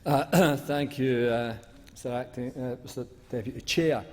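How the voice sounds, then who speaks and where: A man's voice: medium pitch, a little slow, darkish tone. A man speaking as a senator in a parliamentary debate, rambling and mocking, with lots of fillers and restarts. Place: large debating chamber. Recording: echoey chamber reverb.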